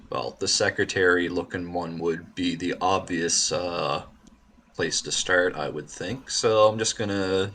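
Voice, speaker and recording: Slow, very deep-voiced player. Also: male voice, fairly bright tone, slight background noise. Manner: measured, polite, hesitant. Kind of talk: playing a tabletop game, in character.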